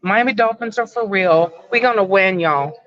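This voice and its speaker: A woman's voice: medium pitch, moderate pace, a bit bright, highs cut off. A woman calling into a sports podcast, giving a firm, emphatic fan opinion. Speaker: caller. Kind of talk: casual sports call-in chat.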